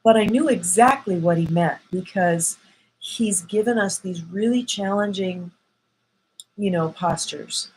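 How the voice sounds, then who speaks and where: A woman's voice: medium pitch, unhurried, slight background noise, rough recording. Woman telling a heartfelt personal story. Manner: emotional, animated retelling with quoted voices. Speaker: vlogger.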